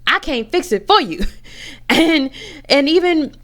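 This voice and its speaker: A woman's voice: high-pitched, expressive, a little slow, fairly bright tone. A woman giving a candid personal rant to camera, blunt and profane as she talks frankly about her own family. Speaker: vlogger.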